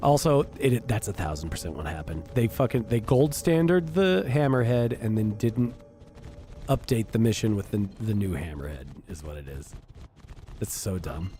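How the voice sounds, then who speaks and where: A man's voice: lowish voice, animated, moderate pace, dark tone, a little hiss or hum. A man streaming a space game, chatting casually with teammates in a blunt, profane, ranting way. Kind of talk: casual gaming chat.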